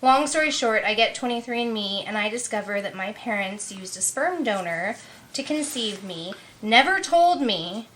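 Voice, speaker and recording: A woman in her thirties, a podcast guest, telling a personal story in a frank, expressive way and laughing often. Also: mid-range voice, normal speed, a little hiss or hum. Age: 30s.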